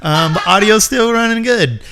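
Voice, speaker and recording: A man's voice: sits high, moderate pace, sharp tone. A man co-hosting a podcast in casual chat, laid-back and easygoing, wrapping up the show. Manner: laid-back, easygoing, short agreeing replies. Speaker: podcast co-host.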